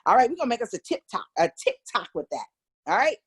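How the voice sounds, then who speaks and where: Lively, husky American woman vocal coach. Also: on the high side, quick pace. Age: middle-aged. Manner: animated, coaxing, demonstrates exercises aloud. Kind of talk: casual video voice lesson.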